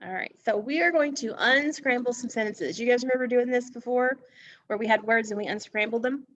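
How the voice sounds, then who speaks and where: A woman teacher leading a phonics lesson for young children, speaking slowly and deliberately, stretching out words and praising the class often. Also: fairly high pitch, fairly bright tone, no echo, highs cut off. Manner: slow, deliberate, encouraging, stretches words for emphasis.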